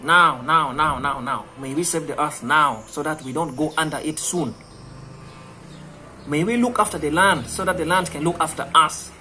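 A man's voice: fairly high pitch, normal speed, bright, forceful tone. Impassioned East African man with music behind. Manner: rhetorical, repetitive, preacherly. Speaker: speaker. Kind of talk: impassioned speech.

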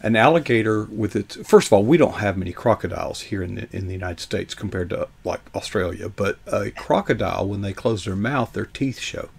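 A man's voice: on the low side, lively intonation, a little fast, vocal fry, few pauses, husky. A man hosting an interview, rambling through childhood stories in casual chat. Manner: rambling reminiscing storyteller. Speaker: show host.

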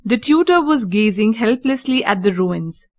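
A woman reading a children's story aloud, slow, clear and deliberate. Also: fairly high pitch, animated, dry recording, studio quality.

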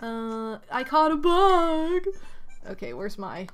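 A woman streamer giving casual commentary over a game, reading lines aloud and breaking into loud exasperated outcries. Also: high-pitched, big pitch swings, takes it slowly, faint music behind.

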